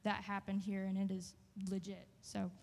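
A woman sharing a personal testimony in church, earnest and halting, with many fillers. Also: medium pitch, completely flat delivery, vocal fry, a little mellow, in a large hall. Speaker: church member giving testimony.

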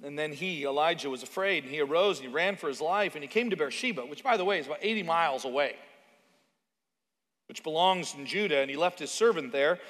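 High-voiced preacher in a reverberant hall. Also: male voice, quick pace, fairly bright tone. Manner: conversational preaching with asides and personal stories. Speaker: pastor. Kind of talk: sermon. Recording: long reverb of a large hall.

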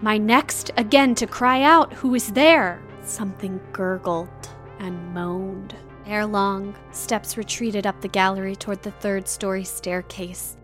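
A woman reads a first-person novel as an audiobook, her delivery measured and dramatic. Her voice sits at an ordinary pitch for a woman. Soft music plays faintly in the background. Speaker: audiobook narrator.

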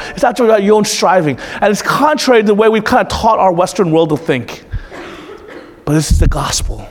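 A man's voice: on the high side, in a large hall. A man preaching as pastor in an earnest, emotional and confessional way, often asking his listeners questions. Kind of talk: sermon.

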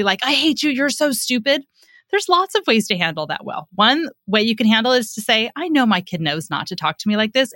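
A middle-aged woman talking as a podcast guest, in a voice of ordinary pitch. She explains at length and slips into short acted-out dialogues. The sound is close and dry. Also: no room sound. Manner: warm, animated explanations acting out parent-child dialogue. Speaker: guest psychotherapist. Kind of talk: podcast interview.

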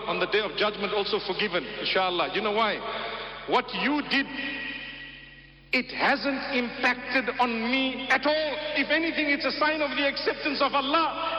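High-voiced man preaching in an echoing hall. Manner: emphatic, repeats key phrases, quotes Arabic. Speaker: Islamic preacher. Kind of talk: sermon. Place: large hall at a gathering. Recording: roomy hall, dull lo-fi broadcast sound.

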